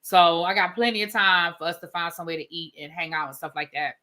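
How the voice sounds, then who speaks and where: A woman's voice: fairly low pitch, fast talker, bright, forceful tone. A woman hosting a livestream as a reality TV reviewer, giving blunt, opinionated commentary with casual swearing and replying to viewer comments.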